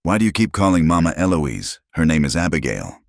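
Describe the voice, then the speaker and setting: A man reading a storybook voicing a stubborn, tearful young girl in a high voice. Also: sing-song, brisk, gravelly, no room sound, clean studio sound, exaggerated voice. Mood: confused.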